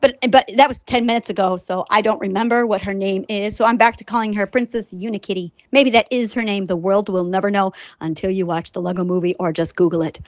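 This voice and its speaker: A woman talking casually on her vlog in an animated, rambling way, swearing now and then and acting out other people's voices. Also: mid-range voice, fast talker, few pauses, no room sound. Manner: animated and rambling, with frequent profanity; acts out quoted voices. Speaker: scientist and online writer. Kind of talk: casual unscripted vlog monologue.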